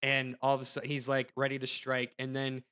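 A man's voice: medium pitch, monotone, fairly quick, pushed and bright, clear, resonant tone. A man hosting a casual chat, recapping a story in a rambling, sarcastic way with goofy asides. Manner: rambling, sarcastic, acts out characters in goofy voices. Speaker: podcast host recapping a game plot.

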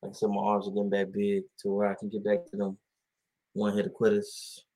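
Laid-back man with a husky voice. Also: on the low side, fairly quick, rough recording. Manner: relaxed, laid-back, drawling slang. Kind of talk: casual chat.

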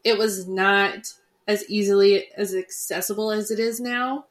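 A woman talks through a film on a casual podcast with her co-host. Her delivery is relaxed and conversational. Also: mid-range voice, a little slow. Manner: relaxed, conversational, frequent "like" fillers. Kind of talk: casual movie recap chat.

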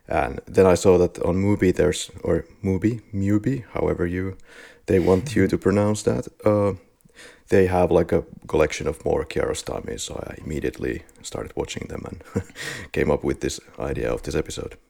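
A man with an extremely deep voice, thick with gravel and fry. He co-hosts a film podcast and talks in an eager, chatty way, with one thought rolling into the next. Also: normal speed, dark tone. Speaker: podcast co-host. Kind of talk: casual film discussion.

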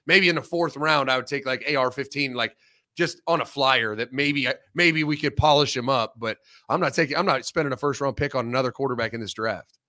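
A man co-hosting a casual sports talk show, blunt and profane, giving animated opinions. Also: mid-range voice, fairly quick.

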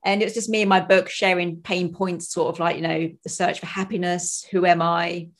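A woman in her forties, a podcast guest and author, talking quickly and casually, acting out quotes in a higher voice and laughing often. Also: little pitch movement. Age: 40s. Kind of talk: casual conversation.

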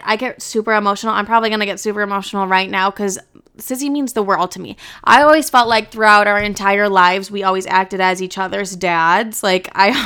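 A woman's voice: mid-range voice, bright, forceful tone, clear, resonant tone. A young woman talking candidly to her viewers in a casual, blunt way, swearing freely and filling with "like". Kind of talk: candid personal monologue.

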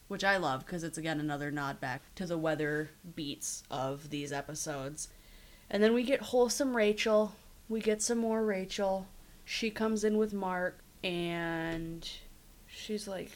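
Woman podcast cohost, lowish voice, recapping episodes and doing the lines. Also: fairly even intonation, a little slow. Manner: acts out characters' lines while retelling scenes. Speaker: podcast co-host. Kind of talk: casual TV recap chat.

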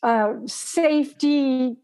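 Woman with a high voice telling a story, really animated, does little gasps and breathy bits. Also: drawn-out words. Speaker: guest telling a personal story. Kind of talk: casual storytelling.

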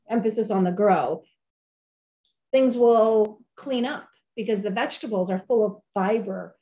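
A woman's voice: on the high side, a little mellow. A middle-aged woman, a health and wellness chef, talking enthusiastically in an interview and often repeating herself for emphasis. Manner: enthusiastic, repetitive, preachy. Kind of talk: conversational interview.

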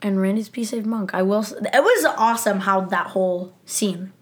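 A woman co-hosting a podcast, chatting casually about a TV episode, eager and quick to agree with her co-host. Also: mid-range voice. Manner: enthusiastic, frequent agreeing backchannels. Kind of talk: casual chat recapping a TV episode.

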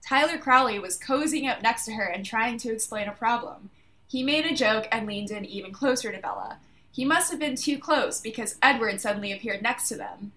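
A woman's voice: fairly high pitch, brisk, sharp tone. A young woman reading her old fan fiction aloud on a podcast, with giggly, self-mocking asides. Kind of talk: casual reading aloud with laughter.

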